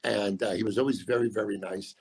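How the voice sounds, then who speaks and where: A man in his sixties, a comedian guest, telling stories in casual chat with a gravelly, husky voice and a deadpan delivery. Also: lowish voice. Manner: deadpan storyteller doing quick voices of others.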